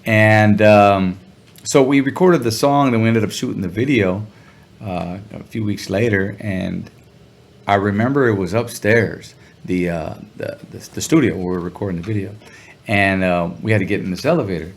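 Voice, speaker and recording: A man telling a story in a relaxed interview, talking in slang and sounding animated when he quotes people. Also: fairly low pitch, moderate pace. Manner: laid-back, slangy, animated when quoting others. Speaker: guest musician.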